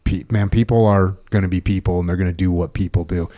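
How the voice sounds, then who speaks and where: Deep-voiced middle-aged man, reflective. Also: steady tone, quick pace, mellow. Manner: reflective, laughs often, restarts. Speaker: podcast host, former military. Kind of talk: casual conversation.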